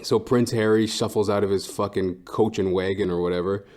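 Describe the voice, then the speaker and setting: A man's voice: fairly low pitch, steady tone, brisk, darkish tone. A man hosting a podcast who rambles through a casual monologue with constant swearing and lots of fillers. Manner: profane, rambling, heavy fillers. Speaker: podcast host.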